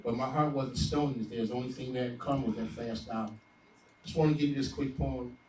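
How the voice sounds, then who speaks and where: A man's voice: medium pitch, steady tone, brisk. A man, a deacon giving a fervent testimony with a preaching cadence. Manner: fervent, builds to loud proclaiming. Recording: echoey hall, distant mic, faint room noise.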